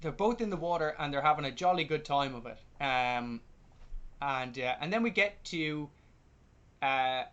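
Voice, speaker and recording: A man co-hosting a film review podcast in casual chat, stubborn and animated, often trailing off into low mumbles over a video call. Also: normal speed, clean tone, muffled recording. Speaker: podcast co-host, film critic.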